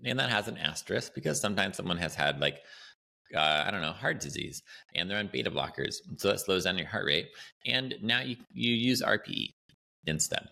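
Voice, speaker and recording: A man hosts an educational podcast as a Pilates educator, explaining training ideas in a casual, animated, chatty way and often tagging his lines with "right?". His voice sits low and gravelly, and he speaks fairly quickly.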